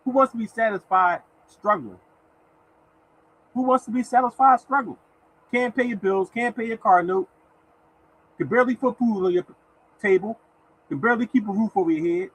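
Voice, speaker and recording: High-voiced man hyping a lottery stream. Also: normal speed, long pauses, a bit bright, low-quality recording. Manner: repetitive and exhortative, keeps addressing listeners as y'all; breaks off to thank chat viewers by name. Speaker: livestream host giving lottery picks. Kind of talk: casual motivational livestream talk.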